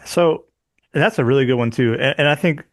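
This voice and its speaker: A man's voice: medium pitch, brisk. A man co-hosting a podcast, speaking thoughtfully with many restarts as he works toward a question for his guest. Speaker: podcast co-host. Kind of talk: podcast interview.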